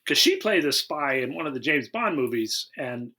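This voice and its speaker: A man's voice: medium pitch, sing-song, normal speed, bright, forceful tone. A man co-hosting a podcast in casual chat, joking and acting out lines from a movie. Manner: jokey, mimics movie characters in quoted asides. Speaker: podcast co-host.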